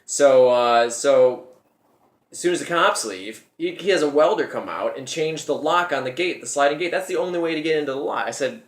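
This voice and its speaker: A man's voice: on the high side, lively intonation, normal speed, reverberant. A man hosting his own show, telling a personal story in a rambling, casual way, often repeating his words as he goes.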